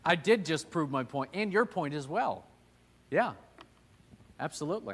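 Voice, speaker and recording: A man in his thirties leading a church Bible class in a relaxed, conversational way, putting questions to the group. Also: a little high, normal speed, slightly rough.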